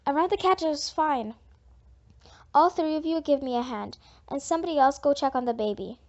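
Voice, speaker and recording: A woman voicing a busy young mother who gives quick, friendly directions. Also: high-pitched, a little mellow, close to an everyday voice. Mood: brisk. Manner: brisk and directing. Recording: dull lo-fi audiobook recording.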